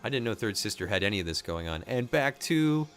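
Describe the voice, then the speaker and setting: A man hosting a reaction video, excitedly thinking aloud and gushing as he watches. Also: fairly low pitch, brisk, faint music behind. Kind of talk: casual reaction commentary.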